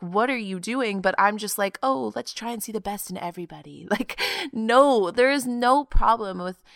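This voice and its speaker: In clean, dry studio sound, a twenty-something woman muses alone on her own podcast. Her medium-pitched voice carries vocal fry, and she sounds earnest and confiding, now and then laughing softly.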